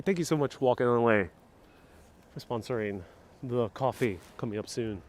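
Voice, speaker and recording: Wearing a wireless clip-on mic, a New Yorker leads a casual live-stream walking tour outside on the city streets, bantering playfully and responding to viewer comments. He speaks at a moderate pace with a medium-pitched voice.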